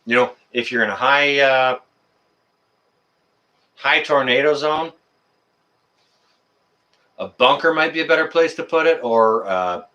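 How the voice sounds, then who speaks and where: A man hosting a live stream, chatting casually with viewers in a rambling, excitable, jokey way. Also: mid-range voice, measured pace, pauses often, lo-fi sound. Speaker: livestream host answering chat.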